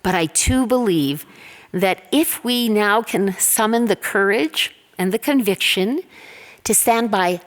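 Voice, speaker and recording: A woman panelist giving a prepared conference speech in a measured, earnest way. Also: mid-range voice, lively intonation, in a large hall. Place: large conference hall.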